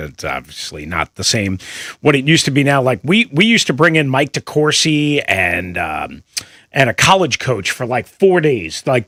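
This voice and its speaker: A man's voice: fairly high pitch, a bit bright, no room sound, studio quality. A middle-aged man hosting sports radio, talking in a rambling, self-deprecating way with lots of restarts. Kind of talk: casual sports radio banter. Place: radio studio. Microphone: studio microphone.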